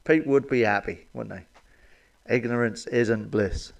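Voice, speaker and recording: A man's voice: mid-range voice, a little slow, vocal fry. A middle-aged man, telling crude, sweary jokes to camera and laughing at his own punchlines. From England. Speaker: comedian. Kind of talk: stand-up joke telling to camera.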